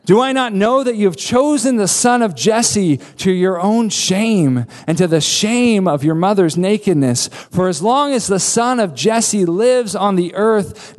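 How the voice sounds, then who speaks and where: A man's voice: fairly high pitch, animated, slow, a little mellow. A male preacher voicing a furious older king who rails accusingly at his son. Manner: fierce, accusing tirade. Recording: long reverb of a large hall.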